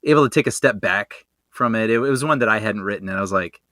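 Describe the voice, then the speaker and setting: A man's voice: lowish voice, quick pace, sharp tone, no room sound, clean studio sound. A man co-hosting a podcast, chatting casually in a loose, rambling way and laughing easily. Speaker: podcast co-host. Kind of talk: casual chat.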